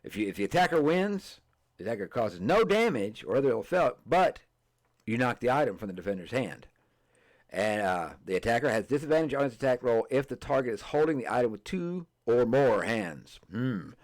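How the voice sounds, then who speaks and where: Man, podcast host, casual rules chat, halting, lots of fillers and restarts. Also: mid-range voice, big pitch swings. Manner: halting, many fillers and restarts, stumbles over words. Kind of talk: casual tabletop game rules chat, reading rules aloud. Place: streamed podcast setup.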